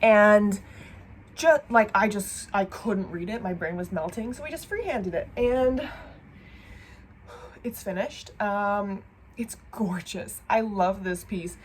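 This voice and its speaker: A woman's voice: medium pitch, expressive, takes it slowly, slight background noise. Chatty, foul-mouthed woman with a cold. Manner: chatty, profane, self-deprecating. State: has a cold. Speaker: knitting vlogger. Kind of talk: casual chat. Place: home, seated.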